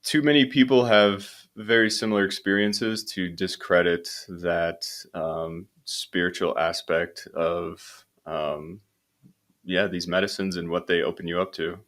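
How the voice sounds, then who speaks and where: Very deep-voiced man telling a story. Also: steady tone, measured pace, a bit bright. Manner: meandering, with many fillers and restarts. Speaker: podcast guest, hemp company founder. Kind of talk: relaxed interview talk.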